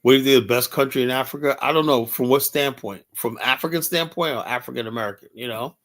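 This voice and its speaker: A man's voice: medium pitch, fast, fairly bright tone. An older man hosting a livestream, talking casually and bluntly, swearing often and leaning heavily on "you know". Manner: rambling, blunt, profane, many "you know" fillers. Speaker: livestream host. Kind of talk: casual livestream talk reading chat.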